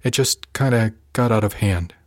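Narrator guy doing a soft, hesitant young crewwoman, apologetic, low-ish voice, dry sound. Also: normal speed, no echo, close to an everyday voice. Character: young woman crew member, shy and apologetic.

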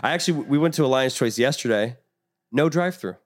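A man's voice: mid-range voice, lively intonation, fast, dry recording. A man co-hosting a casual podcast chat, joking around and laughing often. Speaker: podcast co-host.

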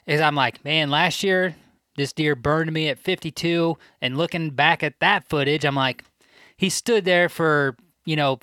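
A man's voice: fairly high pitch, sharp tone, no room sound, clean studio sound. Matter-of-fact man talking bow gear. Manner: matter-of-fact, explains his gear and choices. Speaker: bowhunter and co-host of the chat. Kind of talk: casual chat.

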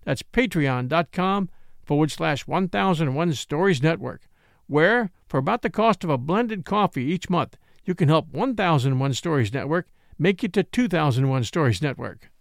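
A male storyteller and podcast host reading classic tales with animated, expressive delivery. His voice sits somewhat high for a man, with a gravelly grain. The close studio recording is completely dry. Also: moderate pace, dry recording. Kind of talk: dramatic audiobook narration.

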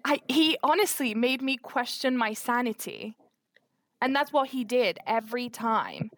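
A woman guest telling a personal story in an animated, fast way, full of fillers and quoted dialogue. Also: on the high side, slight background noise. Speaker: anonymous guest. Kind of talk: personal storytelling in a podcast interview.

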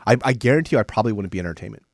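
A man's voice: lowish voice, vocal fry, dry recording, studio quality. A man co-hosting a podcast, telling stories in a casual chat and often checking in with "right?". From small town. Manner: fast, animated storytelling with rhetorical "right?". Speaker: podcast co-host.

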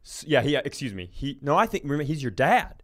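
A man's voice: fairly high pitch, sing-song, fast, fairly bright tone. A man co-hosting a comedy podcast, playfully building absurd bits and laughing often in casual banter.

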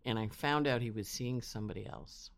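A man being interviewed as an astrologer, telling his story casually and acting out quotes in animated voices. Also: medium pitch, brisk, gravelly. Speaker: astrologer guest. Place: home in New York.

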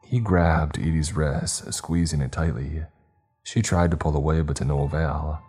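A man narrating a story in a steady, measured reading. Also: rumbling low, breathy edge. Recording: faint background music.

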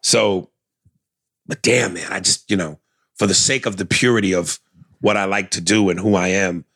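Gravelly-voiced man on a comedy podcast. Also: low-pitched, steady tone, normal speed, a bit bright, dry recording, clean studio sound. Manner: reads listener letters aloud, loose and profane. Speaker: podcast co-host reading listener emails. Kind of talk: casual comedic chat.

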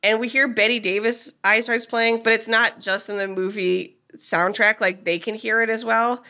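A woman podcast co-host casually recapping a movie's plot, telling it with animated energy and frequent fillers. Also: a little high, moderate pace, clear, resonant tone. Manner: animated storyteller, frequent "like" and laughs.

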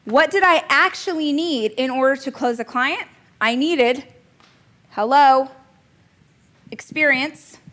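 A woman's voice: sits high, unhurried, bright, forceful tone. A woman in her thirties teaching a business coaching class in a chatty, joking way, laughing at herself now and then. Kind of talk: casual coaching class talk.

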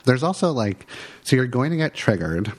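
A man's voice: mid-range voice, moderate pace. A man, a relationship therapist, chatting casually and explaining with lots of "like"s. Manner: relaxed, filler-heavy explaining with many "like"s. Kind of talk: casual podcast chat.

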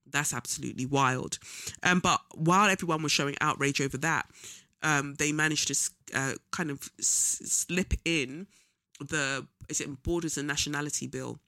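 A young man vents in a casual commentary monologue, blunt and full of slang, stopping for ums along the way. His voice is bright and a bit sharp, sitting slightly high. The sound is close and dry, with no room around it. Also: normal speed, no room sound. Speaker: vlogger.

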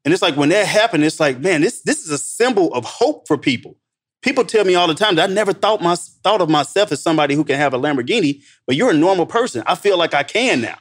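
A man talking as a podcast guest, casual and animated, peppering his talk with "bro" and "man". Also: fairly high pitch, fast talker. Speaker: guest, entrepreneur. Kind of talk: casual conversational storytelling.

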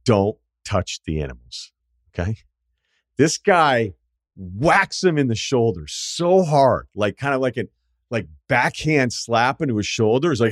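A man in his forties, a podcast host telling a story in casual chat, animated and jumping into loud impressions of people. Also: mid-range voice, measured pace, no echo, clean studio sound. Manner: animated, swings into loud mimicking voices.

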